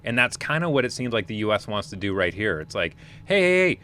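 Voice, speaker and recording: A man's voice: fairly low pitch, lively intonation, fast, pushed and bright. A man in his forties co-hosting a casual podcast, opinionated and rambling with frequent restarts. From Manitoba, Canada. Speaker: podcast co-host.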